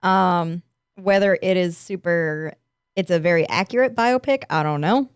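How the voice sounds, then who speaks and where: A woman's voice: fairly low pitch, unhurried, clear, resonant tone, dry recording, clean studio sound. A woman co-hosting a casual podcast, reacting with chatty disbelief and hesitant fillers. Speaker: podcast co-host.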